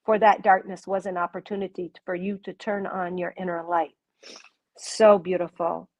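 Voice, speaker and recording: A woman's voice: on the low side, level tone, normal speed, a little mellow, muffled recording. A woman working as a spiritual reader and channeler, talking live to her viewers in the comments in an effusive way with frequent exclamations and laughter. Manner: speaks directly to viewers in the comments. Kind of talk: live-stream spiritual talk.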